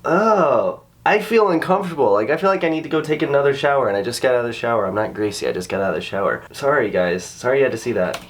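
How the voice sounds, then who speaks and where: A man's voice: mid-range voice, lively intonation, racing, few pauses, slight background noise. A man hosting a reaction video, ranting in sarcastic, exasperated commentary full of swearing.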